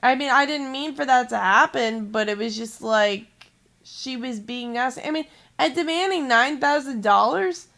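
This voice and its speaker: A woman's voice: high voice, normal speed, vocal fry, fairly bright tone. A woman streamer venting angrily in casual chat, swearing heavily. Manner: angry, heavy swearing.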